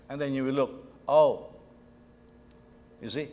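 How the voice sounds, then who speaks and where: A man's voice: mid-range voice, fairly quick, pauses often. Man preaching in an echoing hall. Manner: conversational, repeats words, tells family anecdotes. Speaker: pastor. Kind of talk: sermon. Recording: long reverb of a church hall.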